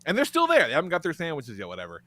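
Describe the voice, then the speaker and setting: A man with a bright, high-set voice, swinging up and down as he tells a funny story on a podcast. He talks casually, swears and laughs, and acts out the lines of the people in his story. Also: wildly swooping pitch, racing. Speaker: podcast host.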